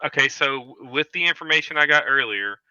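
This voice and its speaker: Bright, crisp-voiced hesitant man. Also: medium pitch, expressive, brisk, no echo, muffled recording. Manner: hesitant, fillers. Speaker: player. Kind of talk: casual tabletop play.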